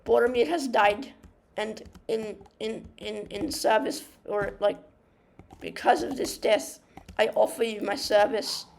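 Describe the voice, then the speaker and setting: A woman voicing an earnest young male hobbit who pledges his service, in a put-on Irish accent and a halting, solemn manner. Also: medium pitch, steady tone, gravelly, a little mellow.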